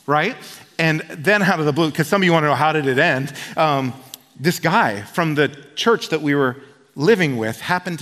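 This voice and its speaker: A man preaching a sermon and telling a personal story, swinging from loud outbursts to hushed tones. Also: sits high. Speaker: pastor. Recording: long hall reverb.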